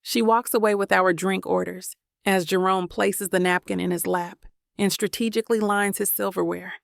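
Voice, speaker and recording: A woman narrating a first-person romance audiobook in a gentle, intimate way on a close mic. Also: mid-range voice, steady tone, normal speed, vocal fry, no room sound.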